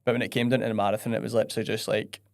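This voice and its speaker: A man's voice: fairly low pitch, level tone, rapid-fire, gravelly. A young man with a West of Scotland accent, a podcast guest chatting casually and bluntly, swearing and using lots of fillers. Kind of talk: casual chat.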